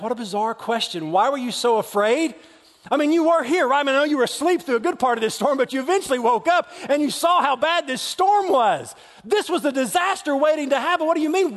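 A man preaching a sermon with emphatic delivery, often acting out quoted voices. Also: extremely high pitch. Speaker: pastor. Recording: long hall reverb.

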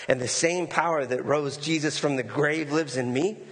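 A man's voice: on the high side, moderate pace, fairly bright tone. A male pastor preaching a sermon in a conversational way, often repeating words for emphasis. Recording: long hall reverb.

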